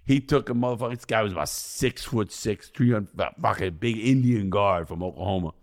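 An American ex-convict, appearing as an interview guest, tells prison stories casually, bluntly and profanely, rambling with restarts. His voice is fairly low and a little fast.

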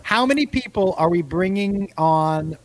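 A man's voice: high voice, animated, a little slow. A man co-hosting a podcast in casual chat, rambling and often breaking into laughter. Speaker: podcast co-host.

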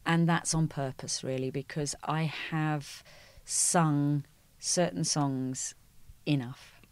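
A woman's voice: sits low, steady tone, takes it slowly, clean tone, no echo. A middle-aged woman, a musical theatre performer, chatting as a guest in an interview and telling stories, often saying "you know". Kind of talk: conversational interview.

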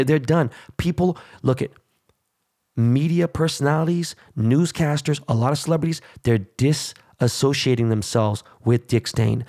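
A man's voice: mid-range voice, a little mellow. Angry, foul-mouthed male ranter. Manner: angry, crude, heavy swearing. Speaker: show host. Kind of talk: profane political rant.

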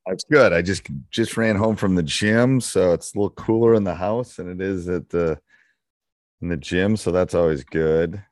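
A man's voice: low-pitched, normal speed, darkish tone, no echo, studio quality. A middle-aged man hosting a basketball coaching podcast, upbeat and chatty with lots of fillers. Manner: upbeat, rambling with fillers and laughs. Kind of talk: casual coaching chat.

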